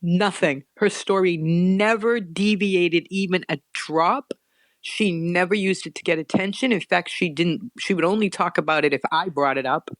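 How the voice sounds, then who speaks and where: A middle-aged woman telling a personal story as a guest, earnest and animated, often restarting her sentences. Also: fairly low pitch, moderate pace, no echo, studio quality.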